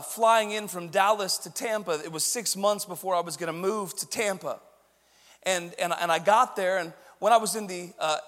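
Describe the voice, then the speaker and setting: In a big church hall with a long, ringing reverb, a pastor delivers a sermon built around a story. His voice is high and bright for a man, and he shifts from hushed, intimate remarks to forceful, loud emphasis.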